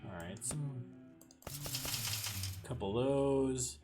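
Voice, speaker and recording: A Canadian man with a Canadian accent chats through a let's play at an average pitch. He rambles and drifts onto tangents as he plays. Game music is clearly audible behind his voice. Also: extremely slow. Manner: chatty, wanders off on tangents. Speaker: gaming streamer.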